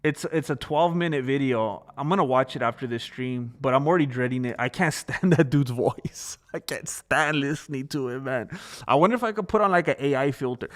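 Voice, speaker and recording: A man's voice: medium pitch, normal speed, a bit bright. A man chatting casually on a live stream, rambling about fighting and snacks, laughing often and answering his chat.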